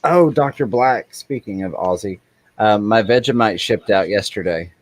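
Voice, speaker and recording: Chatty lower-voiced man hosting a live stream. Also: moderate pace, poor audio. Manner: chatty, laughs often, apologetic asides. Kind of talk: casual chat.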